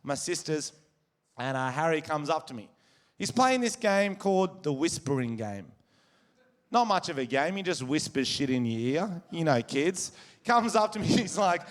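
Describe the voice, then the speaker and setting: An Australian man doing stand-up comedy, telling crude, animated stories on stage. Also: on the high side, normal speed. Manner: crude, animated storytelling with crowd laughter. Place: live comedy venue with audience. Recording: live stage recording with crowd. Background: audience laughter.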